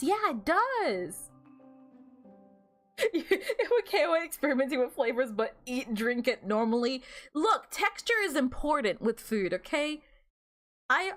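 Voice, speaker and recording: A young woman streaming a game, chatting casually and giggling, with lots of fillers as she rambles. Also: high-pitched. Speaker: VTuber streamer. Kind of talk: casual gameplay stream chat.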